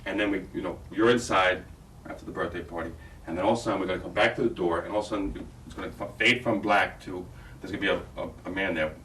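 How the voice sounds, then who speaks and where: A man's voice: low-pitched, fairly even intonation, fast talker, fairly bright tone, a little hiss or hum. A man directing an audition, explaining a scene to an actress in a rambling way with many restarts. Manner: rambling, restarts, acts out lines. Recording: roomy, distant from the mic.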